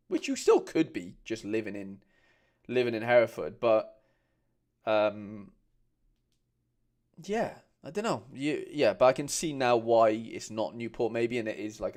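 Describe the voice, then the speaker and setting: Guy streaming, casual chatter, reads out comments, mid pitch, keeps saying mate. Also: expressive, moderate pace, a little mellow. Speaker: host. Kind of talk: casual livestream chat.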